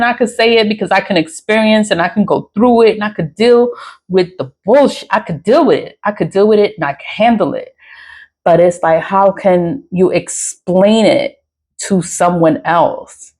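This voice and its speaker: A woman's voice: medium pitch, darkish tone, rough recording. A woman talking to camera in a casual rambling monologue, frank, swearing freely and laughing often. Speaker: spiritual vlogger.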